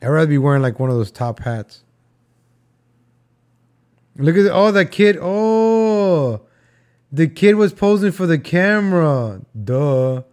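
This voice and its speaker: A young man with a fairly high voice riffs on old film clips. He jokes and rambles, and he talks to his viewers as "guys" and "folks". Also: lively intonation, measured pace, pauses often, darkish tone. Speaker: video host reacting to old footage. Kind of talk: casual reaction commentary.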